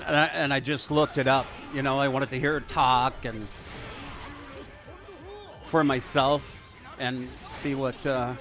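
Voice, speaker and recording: A man's voice: medium pitch, fairly bright tone. A man giving rambling, crude, digressive commentary while he plays a video game. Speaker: gaming video host. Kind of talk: rambling let's play commentary.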